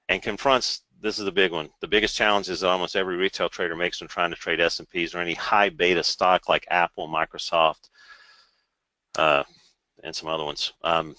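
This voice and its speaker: A low-pitched man leads a live trading webinar, his voice bright and forceful as he walks through charts. He talks informally and pitches the product, slipping in dry sarcasm. The recording is dry and close, with no room sound. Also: no room sound, low-quality recording. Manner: informal, salesy explainer with dry sarcastic asides.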